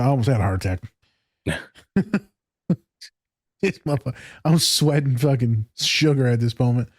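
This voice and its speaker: A man's voice: mid-range voice, darkish tone, no echo, studio quality. A man hosting a podcast, telling a self-mocking story in casual chat, laughing often and swearing freely. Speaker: podcast host.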